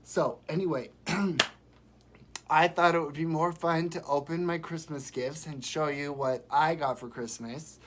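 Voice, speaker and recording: A man chatting and rambling warmly on a live stream from home while sick, showing gifts and telling stories. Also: fairly high pitch, steady tone, measured pace, noisy background. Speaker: vlogger. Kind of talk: casual live-stream chat.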